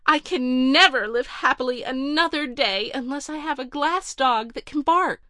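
A woman reading a storybook voicing a spoiled, demanding rich young lady who speaks high and excited. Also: normal speed, no room sound, clean studio sound.

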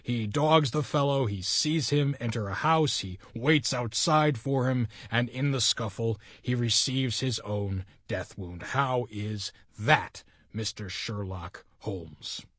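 A man's voice: medium pitch, slow, a bit bright, dry recording, studio quality. A man reading the part of a brash, self-assured police inspector, assertive and a little condescending.

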